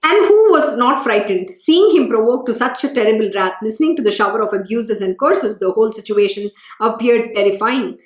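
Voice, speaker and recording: In an echoey room, a woman with a fairly high voice reads scripture briskly and with few pauses, explaining it as a spiritual teacher. She shares her own story earnestly, livening up when she recalls her feelings.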